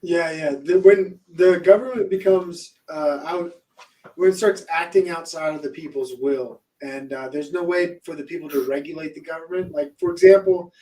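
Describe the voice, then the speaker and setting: A man's voice: on the high side, moderate pace, mellow, recorded from a distance, rough recording. A man in a casual podcast chat who talks in a rambling, hesitant way. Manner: rambling, hesitant, fillers and restarts. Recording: voice off-mic.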